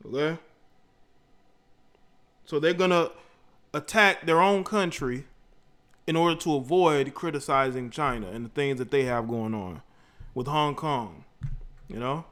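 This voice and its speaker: A man hosting a livestream, reacting to clips, shouting out viewers and arguing his points. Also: medium pitch, a little slow, pauses often. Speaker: livestream host. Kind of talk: reaction commentary.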